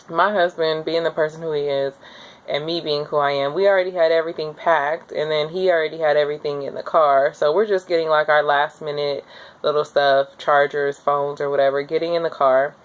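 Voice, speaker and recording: Young woman, slightly low voice, casual storytelling, candid, chatty, fillers, jumps high when quoting people. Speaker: new mother telling her birth story.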